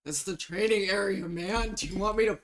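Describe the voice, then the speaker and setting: A woman's voice: mid-range voice, fairly quick, natural voice. A woman voicing a nervous, easily pushed-around male dwarf weaponsmith who talks in a confused, jittery way.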